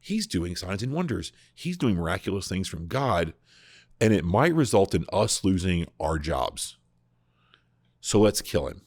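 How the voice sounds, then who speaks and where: A man hosting a podcast, explaining scripture in a casual, animated way, often restarting his sentences. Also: deep voice, a little slow, slightly rough, no echo, studio quality. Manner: animated, full of restarts and repeated words. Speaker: podcast host discussing scripture. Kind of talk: casual conversational Bible teaching.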